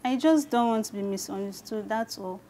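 An actress playing a shy young wife who speaks hesitantly and reluctantly, stammering at times. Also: female voice, mid-range voice, a little fast, dark tone, close to an everyday voice. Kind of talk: scripted drama acting.

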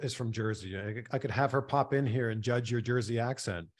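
A man's voice: medium pitch, a little fast. A man hosting an interview, asking casual, curious follow-up questions. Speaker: interview host.

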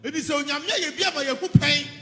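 A man preaching a rousing sermon, rising into loud calls and exclamations. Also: very high-pitched, fast. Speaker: apostle preaching. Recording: echoey hall with faint music.

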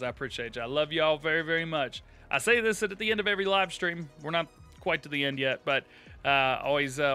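A man with a drawl hosting a live game stream, chatting casually with viewers, laughing often and thanking them warmly. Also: medium pitch. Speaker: live-streaming gamer host. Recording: light game music behind.

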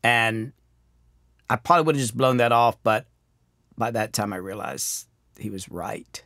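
A middle-aged man, a music producer hosting his own show, telling candid, self-deprecating stories that swing from animated to quietly reflective. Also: lowish voice, measured pace, dry recording, studio quality. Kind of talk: candid storytelling monologue.

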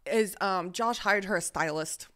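A woman co-hosting a podcast in casual chat, reacting supportively and asking quick questions. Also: mid-range voice, a bit bright. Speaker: podcast co-host.

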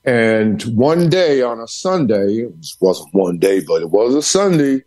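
A man's voice: medium pitch, big pitch swings, a little slow, darkish tone. Male podcast guest telling stories from his home study, emphatic and preacher-like in his repetition. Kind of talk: storytelling interview.

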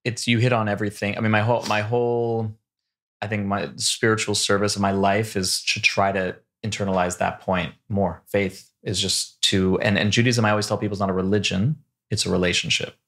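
A man's voice: on the low side, level tone, a little fast, fairly bright tone. A young adult man, a rabbi guest on a podcast, explaining ideas earnestly in casual talk with everyday examples. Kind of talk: casual chat.

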